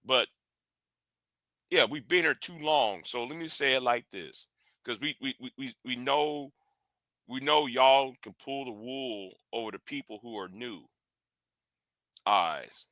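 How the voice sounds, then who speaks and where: Slow confrontational guy on a live stream, bright punchy voice, lots of stops and restarts. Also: medium pitch, no echo, clean studio sound. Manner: blunt, confrontational, with restarts and repeated words.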